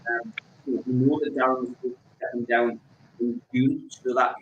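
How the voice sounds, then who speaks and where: A man hosting a football fan podcast, relaxed, reading out chat comments with lots of fillers. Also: medium pitch, normal speed, reverberant, muffled recording, a little hiss or hum. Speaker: host.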